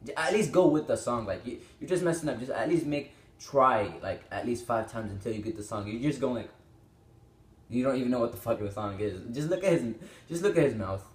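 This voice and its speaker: A man's voice: mid-range voice, fairly quick, reverberant. A teenage boy hosting a reaction video, rambling and exclaiming, often swearing, on a small microphone. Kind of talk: casual reaction commentary. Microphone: small desktop microphone.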